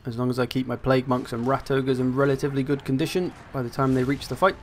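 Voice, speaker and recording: A man's voice: mid-range voice, fairly even intonation, fast, darkish tone, a little hiss or hum. A young man giving casual, wry commentary as he plays a strategy game, thinking aloud as he goes. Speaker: gaming channel host.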